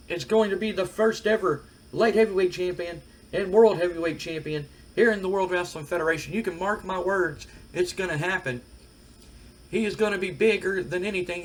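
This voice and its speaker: A man putting on the voice of a loud, boastful male wrestling manager cutting a bragging promo for his champion. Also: sits high, pitched above the performer's own voice, lightly acted, low-quality recording. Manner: brash, repetitive bragging promo.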